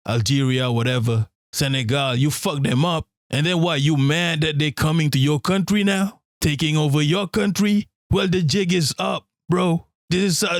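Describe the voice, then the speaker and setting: Ranting slangy man with a higher voice. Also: no echo, studio quality. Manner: ranting, slangy, says bro a lot, laughs at himself. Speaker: streamer reacting to a video. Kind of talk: casual reaction commentary.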